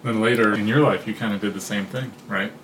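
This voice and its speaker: A man's voice: lowish voice, fairly even intonation, fast, a bit bright, slight background noise. A man interviewing a retired singer, asking questions in an easygoing, encouraging way.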